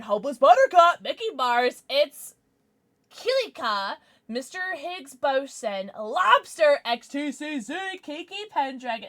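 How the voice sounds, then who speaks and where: Bubbly high-pitched woman streamer. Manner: excitable, giggly, apologetic. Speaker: livestreamer thanking subscribers. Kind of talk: casual livestream chat.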